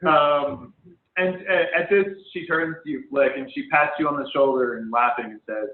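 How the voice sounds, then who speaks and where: A man's voice: medium pitch, normal speed. A man running a tabletop game as game master, describing scenes in a hesitant way full of ums, over an online voice call. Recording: phone-like online call audio, echoey room.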